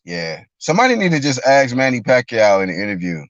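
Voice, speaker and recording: Male streamer, profane live reaction rant, mocking; lively pitch, flat lo-fi recording with no room sound. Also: quick pace, hardly any pauses, dry recording. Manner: mocking, animated, breaks into shouted impressions. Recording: dull lo-fi dry recording.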